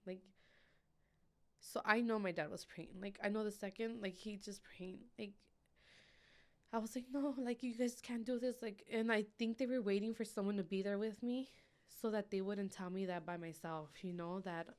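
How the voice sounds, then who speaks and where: A woman's voice: medium pitch, fairly even intonation, moderate pace, clean tone. Woman retelling a painful memory. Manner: emotional, filler-heavy retelling. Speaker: podcast guest. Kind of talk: personal storytelling in an interview.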